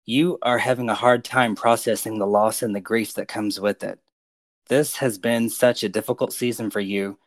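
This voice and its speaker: A man on a podcast delivering prophetic words to named listeners in a slow, earnest, pastoral way. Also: lowish voice, fairly even intonation, no room sound.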